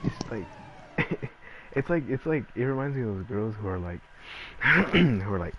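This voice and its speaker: A man's voice: mid-range voice, sing-song, a little slow, dull audio. A man giving casual gameplay commentary, ranting in a rambling, profane way and packing his talk with filler words. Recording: noisy background.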